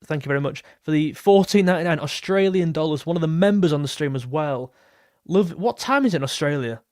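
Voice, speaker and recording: A man's voice: a little high, expressive, a little fast, darkish tone, dry recording, clean studio sound. A young man hosting a casual football fan livestream, reading out viewer messages and thanking donors in a chatty way. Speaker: football channel host reading donations.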